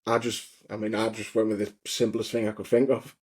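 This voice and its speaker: A man's voice: lowish voice, level tone, brisk, husky. A man, a podcast guest talking casually and hedging with "I mean" and "like I said". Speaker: podcast guest and co-host of another show. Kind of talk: casual interview chat.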